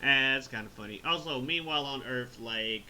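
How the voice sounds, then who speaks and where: Bright-voiced, rambling man reviewer. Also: medium pitch, moderate pace, slight background noise, poor audio. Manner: rambling, swearing, laughs often. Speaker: host reviewing an animated film. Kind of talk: casual chat review.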